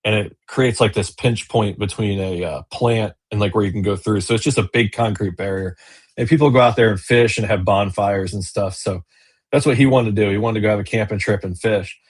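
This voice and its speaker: A man's voice: lowish voice, brisk, husky. A man, a business owner and kayak angler, chatting casually in an interview over a video call, rambling with fillers and restarts.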